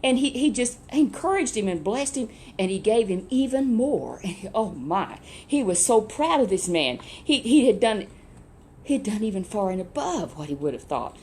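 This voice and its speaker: A woman telling a children's Bible story in a lively, chatty way, with asides to a puppet. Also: mid-range voice, normal speed, a little hiss or hum.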